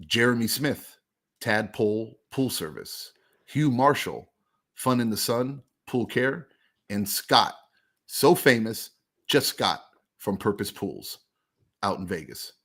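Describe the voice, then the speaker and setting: A man's voice: on the low side, animated, slow pace, a bit bright. A man co-hosting a podcast, bantering casually and reading out a list of nominees, joking a lot and calling people bro. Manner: joking, says bro and dude. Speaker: podcast co-host.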